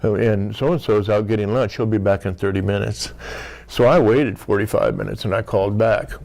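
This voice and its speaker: A man's voice: fairly low pitch, a little fast, creaky, darkish tone. A man in his sixties, an interview guest, telling a long anecdote in a loose, rambling way, peppered with "you know" and acted-out bits of dialogue. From United States. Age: 60s. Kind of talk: casual storytelling interview.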